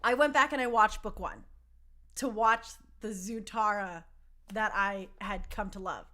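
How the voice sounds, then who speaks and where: A woman hosting a talk show in casual chat, animated and emphatic, going from soft asides to loud outbursts. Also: mid-range voice, unhurried. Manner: chatty, with many fillers.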